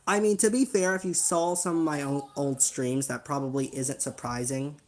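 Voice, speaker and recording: A man's voice: a little high, steady tone, normal speed, a little mellow, a little hiss or hum. Rambling man reacting to his old film. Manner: rambling, laughing at himself, slangy. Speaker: channel host reacting to his old video. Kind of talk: casual reaction commentary.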